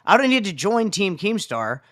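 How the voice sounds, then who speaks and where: A man's voice: high voice, big pitch swings, moderate pace, a bit bright. A man on a live stream giving blunt, profane opinions. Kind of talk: livestream talk.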